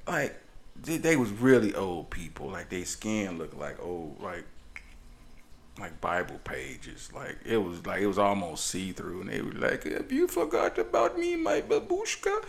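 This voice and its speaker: Animated, rambling male podcast comic. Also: low-pitched, measured pace, vocal fry. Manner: animated, rambling, laughs often. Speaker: podcast co-host. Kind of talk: comedic podcast storytelling.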